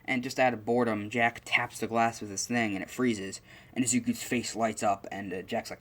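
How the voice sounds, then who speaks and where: A man's voice: mid-range voice, steady tone, normal speed. A young man casually making up and telling a fan-fiction story, rambling with lots of fillers and restarts.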